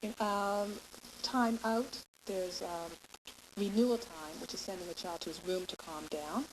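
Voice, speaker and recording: A woman teaching parents in a lecture, laying out her points patiently and pausing to ask "okay?" as she goes. Her voice sits at an ordinary middle pitch. A clear, steady hiss runs under the whole recording. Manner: explanatory, keeps checking in with "okay?". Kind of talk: lecture to a class.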